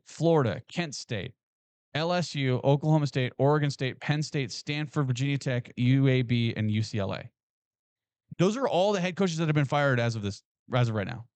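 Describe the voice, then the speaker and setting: A man co-hosting a sports podcast in casual, excitable talk with emphatic restarts. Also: mid-range voice, moderate pace, no room sound.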